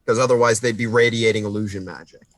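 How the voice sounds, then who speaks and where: A man playing in a tabletop game, talking through his character's plans in a quick, joking way. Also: fairly low pitch, steady tone, no echo. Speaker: player. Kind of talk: casual tabletop play.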